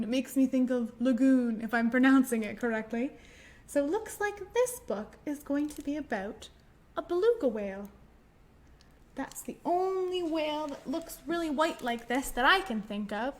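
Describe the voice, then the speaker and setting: A woman leading a children's library storytime, talking gently and singing nursery songs in a slow, sing-song way. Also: high-pitched. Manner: soft whispered singing.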